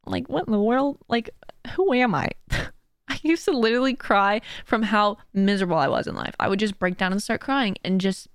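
A woman's voice: mid-range voice, normal speed, dry recording, studio quality. A woman hosting her own podcast, talking in a casual, heartfelt way and giving earnest, faith-driven encouragement. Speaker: podcast host and streamer. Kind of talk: casual motivational podcast monologue.

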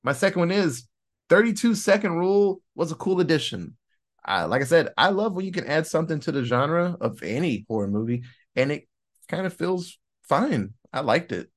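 A man's voice: fairly high pitch, expressive, normal speed. Rambling, swearing male podcast host. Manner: rambling, laughs often, swears. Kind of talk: casual movie review chat.

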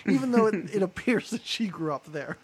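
A man's voice: high-pitched, brisk, husky. A man co-hosting a podcast, chatting casually about a film, laughing often and acting out lines. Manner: animated, laughing, acts out movie lines. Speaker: podcast co-host.

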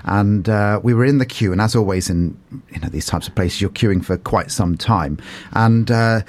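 A man's voice: lowish voice, normal speed, darkish tone. A man hosting a radio interview in a studio, chatty and jokey, telling rambling anecdotes. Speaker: radio show host.

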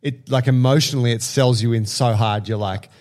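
A man's voice: mid-range voice, fairly even intonation, darkish tone. Blunt man chiming in on movie chat. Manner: blunt, swearing, quick interjections.

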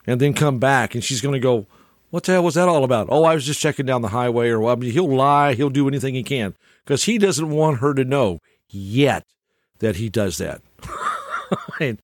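A man's voice: medium pitch, no echo, studio quality. An older man telling stories in a casual, rambling monologue, chuckling often and restarting his sentences. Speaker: storyteller.

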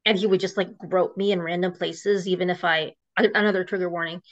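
A woman's voice: on the low side, fairly even intonation, fairly quick, fairly bright tone. A woman guest telling her own story in an emotional, rambling way, full of restarts. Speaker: interview guest. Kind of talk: personal storytelling. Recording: dull lo-fi audio.

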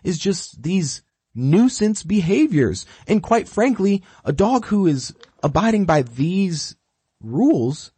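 Man, dog trainer, direct step-by-step coaching, slightly high voice, dry close sound. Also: slow pace, slightly rough, no room sound. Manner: animated, acts out the dog's thoughts. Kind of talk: instructional talk.

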